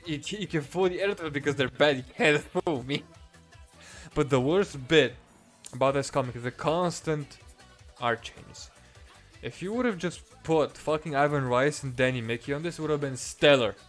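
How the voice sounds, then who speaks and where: A man's voice: a little high, moderate pace, a bit bright, soft background music. A man reviewing comics in a profane, exasperated and sarcastic rant.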